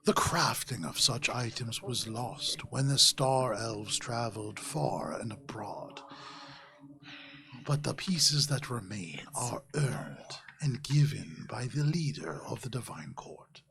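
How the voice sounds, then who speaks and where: A man's voice: mid-range voice, lively intonation, takes it slowly, gravelly, a bit bright, exaggerated voice. Man doing an ancient whispery spirit in the beads. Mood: wise. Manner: long-winded, fond of lecturing on storytelling. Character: ancient talkative male spirit of prayer beads.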